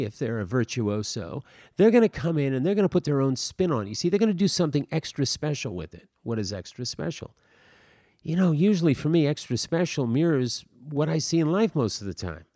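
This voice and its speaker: Male acting coach, mellow tone, chatty and rambling with fillers, dry close recording. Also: mid-range voice, big pitch swings, brisk, no echo. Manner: rambling, full of fillers and restarts, paraphrases scene dialogue. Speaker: acting teacher. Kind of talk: casual spoken lesson.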